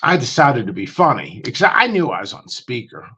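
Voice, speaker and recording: A man's voice: medium pitch, big pitch swings, brisk, sharp tone, slightly rough. A man telling stories in a casual livestream chat, rambling with lots of ums and restarts and putting on voices when he quotes people. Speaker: guest on a livestream chat show.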